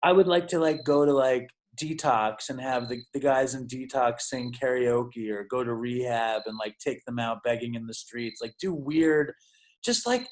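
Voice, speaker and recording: A man's voice: mid-range voice, normal speed. A man telling stories as a podcast guest, rambling and profane and full of "like". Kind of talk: casual storytelling.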